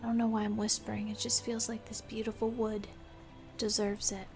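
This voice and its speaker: Young woman game streamer, playful running chatter, gravelly edge to her voice. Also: medium pitch, flat delivery, brisk, over music. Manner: chatty, playful, musing aloud. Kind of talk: live game stream chat.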